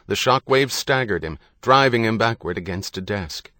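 Low-voiced grave male narrator. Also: expressive, bright, forceful tone, dry recording, clean studio sound. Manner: measured, grave reading. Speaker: audiobook narrator. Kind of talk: scripted narration.

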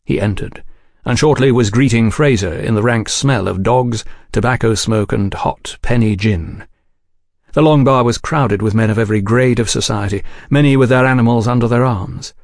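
A man reading a novel aloud in a measured, even audiobook narration. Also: mid-range voice, no echo, studio quality.

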